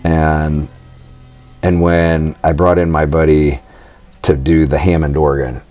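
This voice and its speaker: A man's voice: a bass voice, little pitch movement, takes it slowly, mellow. An American man, a musician, talking loosely in an interview and rambling a bit, now and then swearing in passing. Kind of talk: casual interview talk. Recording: faint music underneath.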